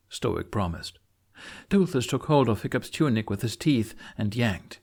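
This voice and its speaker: A man narrating a fan audiobook chapter in a measured storytelling manner. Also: mid-range voice, lively intonation, gravelly, darkish tone, husky.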